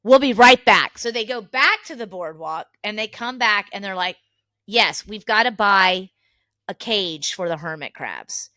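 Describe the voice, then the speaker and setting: Bright-voiced woman telling stories. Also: medium pitch, measured pace, no room sound, clean studio sound. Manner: animated storyteller, laughs often. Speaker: podcast co-host. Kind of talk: casual family chat.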